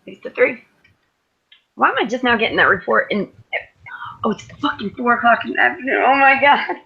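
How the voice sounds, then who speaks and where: A woman's voice: on the high side, fast, creaky, breathy edge, highs cut off. A woman on an online group voice call, joking around and swearing casually, laughing often.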